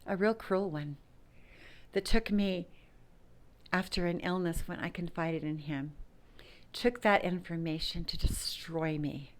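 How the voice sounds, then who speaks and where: Frank woman with a lowish voice, talking straight to her viewers. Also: steady tone, measured pace. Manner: frank, emphatic, with whispered asides. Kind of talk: personal talk to camera.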